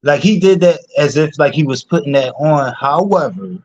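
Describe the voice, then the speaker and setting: A man's voice: on the high side, lively intonation, normal speed, darkish tone, no room sound, dull audio. A man from Philadelphia hosting a casual stream, chatty, laughing often and full of fillers. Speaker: host. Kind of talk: casual live-stream chat.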